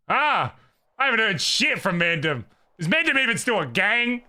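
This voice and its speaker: Loud, bright-voiced ranting male streamer. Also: high-pitched, big pitch swings, moderate pace. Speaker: livestreamer playing a roleplay game. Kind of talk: casual streaming chat and ranting.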